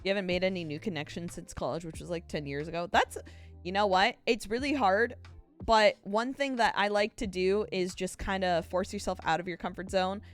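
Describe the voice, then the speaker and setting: A woman's voice: mid-range voice, a little fast, faint music behind. A woman streamer chatting casually with her viewers, rambling and laughing often at herself. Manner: giggly, rambling, self-mocking. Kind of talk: casual live-stream chat.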